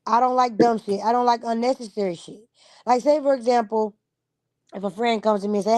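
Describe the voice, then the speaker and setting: A woman with a fairly high voice talks bluntly on a casual livestream, piling up pointed questions and swearing freely. Her voice sits close and dry, with no room echo. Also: fast, a little mellow. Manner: blunt, profane, emphatic. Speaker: livestream host.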